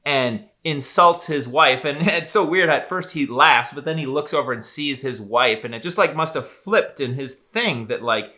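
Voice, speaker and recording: A man's voice: medium pitch, lively intonation, moderate pace, hardly any pauses, pushed and bright. A man co-hosting a podcast, speculating in casual chat with frequent fillers and restarts. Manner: speculative, rambling with many fillers. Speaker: podcast co-host.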